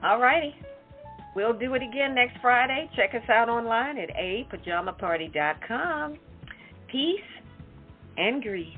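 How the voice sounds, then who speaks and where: Outspoken woman cohost, kinda high voice, tinny phone call sound. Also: expressive, measured pace. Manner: blunt, opinionated. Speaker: co-host. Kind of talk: casual talk show chat. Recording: tinny phone-line audio, faint music.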